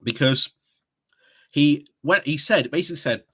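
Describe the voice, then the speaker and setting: A man's voice: a little high, normal speed, fairly bright tone, breathy edge. A man hosting a casual live stream, chatty and often breaking into laughter as he talks. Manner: giggly, chatty, often laughing mid-sentence.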